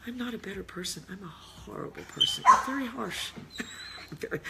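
A man with a Midwestern accent, a dog trainer talking off the cuff, boastful and blunt, dropping to low mutters and then breaking into loud bursts. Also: lively intonation, fairly quick, gravelly, heavy background noise. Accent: Midwestern American. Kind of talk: unscripted monologue.

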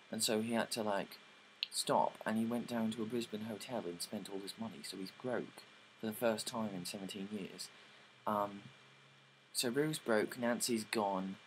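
Rambling young man, low voice. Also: slight background noise, rough recording. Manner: rambling, full of likes and ums, swears casually. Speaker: student summarizing plays. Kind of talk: casual spoken summary.

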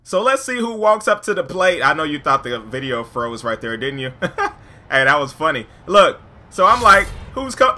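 A man commentating his own basketball video game with hype, jumping from loud shouts to low, joking asides. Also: very animated, moderate pace. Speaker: gaming YouTuber commentating his own play. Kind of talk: excited gameplay commentary.

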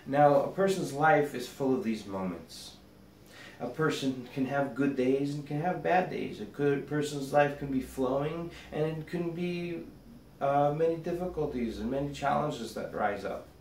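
A male rabbi gives a spoken meditation, unfolding a parable in a gentle storyteller's way. His voice sits at a middle pitch. It comes from a little off the mic, with a roomy echo and faint background noise. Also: unhurried, recorded from a distance.

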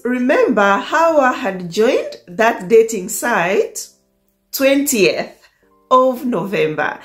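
Slow-talking East African woman, echoey room. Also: fairly high pitch. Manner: animated, laughs often, acts out quoted lines. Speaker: dating coach vlogger. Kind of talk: casual storytelling to camera.

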